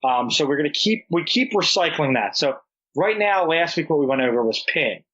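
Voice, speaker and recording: A young man on a podcast, telling a long story in a loose, animated way and laughing along. His voice sits fairly high for a man. The audio is dull and lo-fi, as if it came through a muffled podcast recording. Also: a little fast, husky. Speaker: podcast guest. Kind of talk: casual chat.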